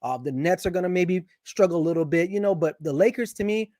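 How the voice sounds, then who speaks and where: A man with a notably high voice talks sports as a guest, animated and opinionated. He often restarts his sentences as he builds a point. The sound is dry and close, with no room echo. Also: quick pace. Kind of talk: casual sports chat.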